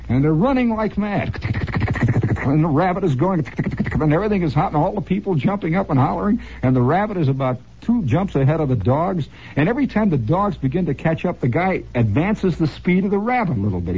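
A man's voice: fairly high pitch, dark tone, husky. A man hosting a radio show, telling wry, sardonic stories in a rambling monologue, heard on a dull lo-fi old radio broadcast. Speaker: radio host.

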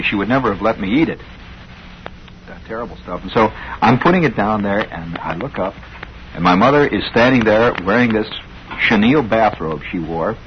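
A middle-aged man hosting a radio show, telling a rambling story with wry, sardonic asides. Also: fairly low pitch. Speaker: radio host. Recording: dull lo-fi old radio broadcast, faint hiss.

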